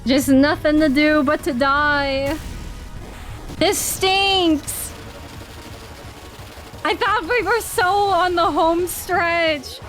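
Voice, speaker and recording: A woman's voice: very high-pitched, a bit bright. A woman streaming gameplay, reacting with dramatic yelps and groans of frustration. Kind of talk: live gameplay commentary. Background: faint game music.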